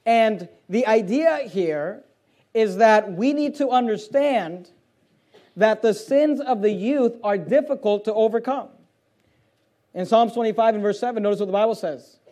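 Man, preacher, very high voice, emphatic, fiery sermon, scripture reading. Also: measured pace. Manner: forceful, emphatic, shifts between loud preaching and quieter reading.

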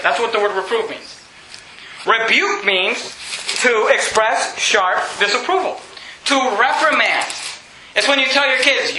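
A man preaching a fiery sermon as pastor, yelling and hammering points with repetition. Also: very high-pitched, roomy sound, slight background noise, poor audio. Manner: loud, yelling, emphatic repetition. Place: church sanctuary.

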